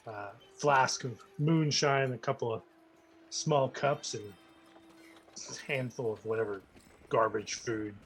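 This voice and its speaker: A man playing a tabletop game banters in character with a wry drawl. His voice sits at a middle pitch. Faint music plays in the background. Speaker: player.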